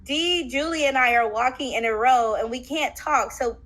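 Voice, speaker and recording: Interview guest: woman, high and bright voice, lively casual storyteller. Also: moderate pace, rough recording. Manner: animated, acts out quotes, many fillers.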